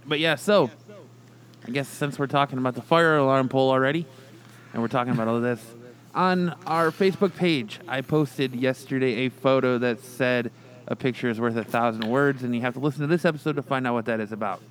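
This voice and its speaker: A man hosting a podcast in casual chat, telling stories animatedly and acting out quotes with big jumps in pitch. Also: a little fast. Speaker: podcast host.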